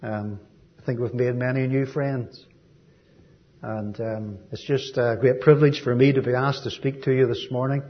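An Irish man giving a sermon as a visiting preacher, gentle and folksy, with frequent ums and asides. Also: medium pitch, fairly even intonation, moderate pace, muffled recording. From Ireland.

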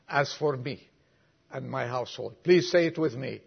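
A man preaching a sermon, reading a poem softly down to a whisper and then urging his listeners with rising fervor. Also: fairly high pitch, expressive, normal speed, creaky, husky. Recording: dull lo-fi recording.

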